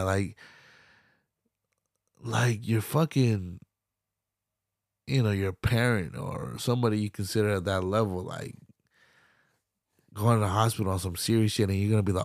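Brief: young male podcast host, gravelly low voice, loose profane rambling, dry close sound. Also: moderate pace, long pauses, darkish tone, no echo. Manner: loose, swearing, slangy rambling with laughs. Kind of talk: casual solo commentary.

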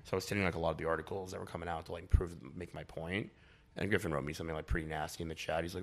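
A man's voice: low voice, steady tone, very fast. A young man chatting casually as a podcast guest, rambling and blunt, with lots of filler words and swearing. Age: young adult.

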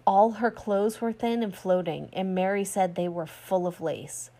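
A woman narrating a classic story aloud in a steady storytelling read, voicing quoted lines lightly. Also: mid-range voice, a little slow. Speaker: audiobook reader. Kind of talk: scripted narration.

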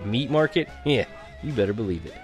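A man's voice: medium pitch, lively intonation, fairly quick, soft background music. A man narrating a teen story as an audiobook, in a wry, sarcastic tone that breaks into laughs.

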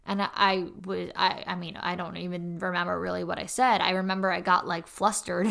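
Young woman, podcast host, casual storytelling, chatty, lots of "like", vocal fry. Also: fairly low pitch, level tone, fairly quick, hardly any pauses, a bit bright. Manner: chatty, peppers speech with "like" and "honestly".

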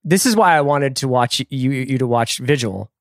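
A man's voice: medium pitch, animated, moderate pace, no echo. A man co-hosting a pop-culture podcast, chatting casually and jokily with plenty of filler words. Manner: jokey, rambling with filler words. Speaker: podcast co-host.

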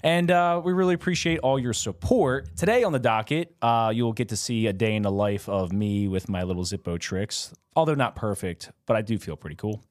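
A man's voice: fairly low pitch, a little fast, few pauses, no room sound, clean studio sound. A man co-hosting a casual podcast, rambling and joking at himself, full of fillers and restarts. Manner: rambling, self-mocking, fillers and laughs. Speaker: podcast co-host. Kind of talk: casual chat.

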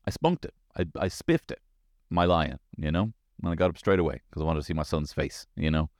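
A man with a Dublin Irish accent, in his thirties, hosting a show with an animated, swearing comic monologue full of tag questions. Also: low-pitched, fairly quick, dry recording, studio quality.

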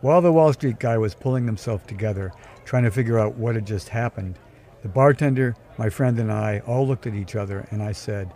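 A man narrating a scripted first-person story in a dry, wry, measured way. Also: fairly low pitch, warm tone. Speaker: podcast storyteller.

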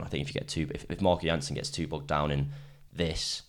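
This is a man with an extremely low voice, co-hosting a casual cricket podcast. He talks quickly and rambles, stacking up fillers as his thoughts run on. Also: flat delivery. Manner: fast, rambling, leans on "kind of". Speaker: podcast co-host.

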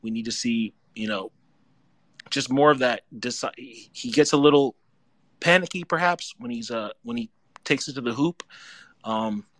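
A man's voice: mid-range voice, moderate pace, pauses often, fairly bright tone, dry recording. Earnest, slightly nervous male caller. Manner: earnest, a bit nervous, rambling. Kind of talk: call-in fan talk.

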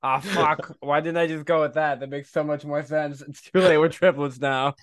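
A man's voice: a little high, fairly even intonation, moderate pace, dry recording, clean studio sound. A man playing a tabletop game, joking in character and sounding a bit sheepish about his own choices. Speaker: player. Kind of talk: casual tabletop game chat.

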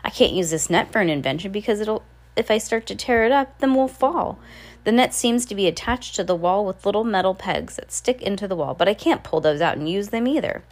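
An earnest, inventive teenage girl in a storybook, as a woman reading aloud puts her on. She pleads and reasons in turn, a little higher than the reader's own voice. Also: lively intonation, fairly quick, lightly acted.

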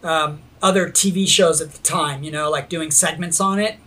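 A man with a notably high voice spins a rowdy story in loose, casual conversation. He talks in an animated rush, swears constantly and breaks into laughter along the way. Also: moderate pace. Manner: animated, heavy swearing, laughs while telling. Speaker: skate videographer telling a story.

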